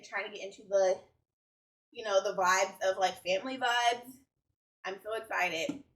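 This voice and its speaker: Woman book vlogger, casual rambling chat, mid-pitched, recorded off-mic in an echoey home room. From United States. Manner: chatty, rambling, enthusiastic, self-correcting. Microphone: camera a little way off. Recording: roomy sound from a distant mic.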